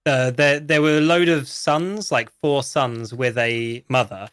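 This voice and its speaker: A man's voice: mid-range voice, steady tone, unhurried, fairly bright tone, no room sound, studio quality. A man chatting casually about roleplay, rambling through a long story with many restarts and some swearing. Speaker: roleplay guest. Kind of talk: casual podcast chat.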